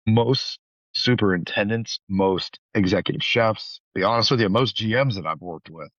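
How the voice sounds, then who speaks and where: A man's voice: on the low side, moderate pace, fairly bright tone, no echo. A man hosting a podcast interview, talking reflectively and restarting his sentences as he thinks aloud. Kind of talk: conversational interview. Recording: dull lo-fi audio.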